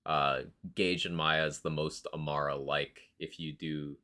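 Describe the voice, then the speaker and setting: A man streaming a game live, chatting casually with viewers and musing aloud between pauses. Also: a bass voice, flat delivery, bright, forceful tone. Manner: laid-back, musing aloud, answering chat between pauses.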